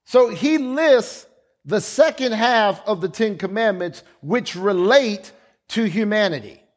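A man preaching a sermon, slow and emphatic, with repeated lines and dramatic pauses. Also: high-pitched, animated.

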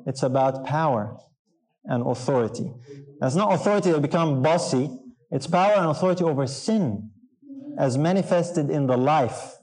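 A man delivers a sermon in a slightly higher voice, earnest and emphatic. He keeps asking his listeners questions and pressing his point home. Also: animated, moderate pace, a little mellow, low-quality recording. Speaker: preacher.

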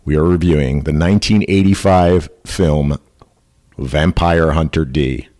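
A man hosting a casual review podcast, joking and reading notes quickly. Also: extremely low pitch, a little mellow. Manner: jokey, reads notes quickly. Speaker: podcast host.

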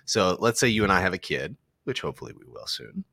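A man's voice: low-pitched, big pitch swings, quick pace, creaky, sharp tone, no echo. A man co-hosting a podcast, talking in a teasing, sarcastic way. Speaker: podcast co-host. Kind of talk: casual banter.

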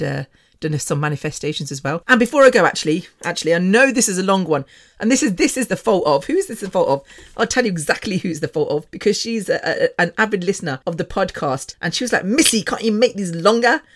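A woman's voice: fairly low pitch, animated, brisk. A woman hosting her own podcast, talking bluntly and candidly, swearing freely and getting over the top. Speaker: podcast host. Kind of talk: candid solo podcast monologue.

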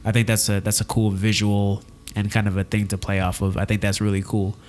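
Low-voiced man explaining at length. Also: monotone, a little fast, darkish tone. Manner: explanatory, steers the discussion with questions. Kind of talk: casual podcast chat.

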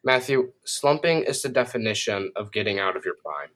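A man's voice: lowish voice, lively intonation, brisk, fairly bright tone. Laid-back guy giving football takes. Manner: loose, easily surprised, laughs often. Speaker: co-host of a football preview. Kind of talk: casual sports chat.

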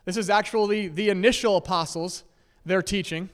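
Male pastor, sermon, high-pitched, conversational, laughs lightly, reverberant sanctuary. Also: steady tone, moderate pace. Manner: conversational, many "okay?" and "right?" checks; laughs lightly between points. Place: church sanctuary with long reverb.

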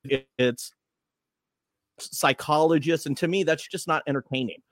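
With slight background noise, a man's higher-pitched voice comes through at a moderate pace. A morning radio host appearing as a guest on a casual podcast, he rambles loosely and tells stories in an animated way.

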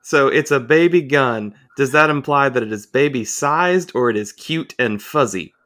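A man's voice: medium pitch, normal speed, a bit bright. A man co-hosting a podcast, rambling and joking crudely in casual banter.

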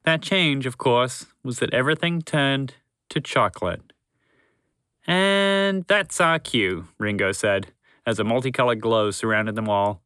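A man host narrating a children's story podcast in a clear, steady, friendly read. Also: mid-range voice, moderate pace, dry recording, clean studio sound.

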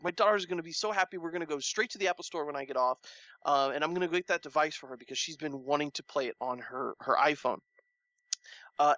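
A man chatting casually, telling a long story with animated delivery and acting out the people he quotes. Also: dry recording, lo-fi sound. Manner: animated storytelling, acts out quoted lines with rising pitch. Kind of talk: casual chat.

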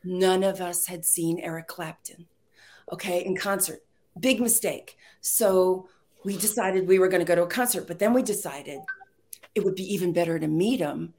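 A middle-aged American woman from Texas, a playwright and screenwriter telling stories as a guest in casual chat, animated and quick to laugh. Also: lowish voice. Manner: animated storyteller, laughs often.

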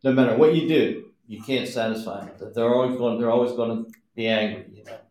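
A man's voice: mid-range voice, fairly even intonation, fast talker, a little mellow. Man telling plainspoken stories in an echoey room. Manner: plainspoken, tells stories with quoted dialogue. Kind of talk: casual storytelling. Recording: roomy echo.

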